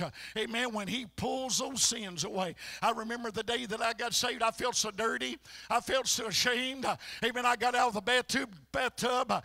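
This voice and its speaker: A male pastor preaching a fiery sermon in church, breaking into shouts and filling every pause with "uh, amen.". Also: extremely high pitch, vocal fry. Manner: shouting bursts, constant "uh, amen". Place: church sanctuary.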